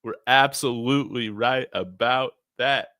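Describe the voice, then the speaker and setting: A man hosting a college football fan livestream, talking in an excited, brash, trash-talking way. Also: mid-range voice, measured pace, dry recording, clean studio sound.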